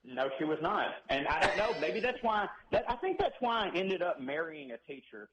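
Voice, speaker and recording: A man's voice: sits high, big pitch swings, normal speed, background noise. A man with a Southern US accent, a stand-up comedian telling self-deprecating stories as a guest over the phone. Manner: joking, self-deprecating storyteller. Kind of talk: casual phone interview. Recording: muffled phone line.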